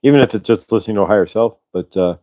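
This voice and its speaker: In a dry recording, a man with a lowish voice talks very fast while hosting a casual spiritual livestream. Relaxed and rambling, he chats loosely and reads viewers' chat messages aloud.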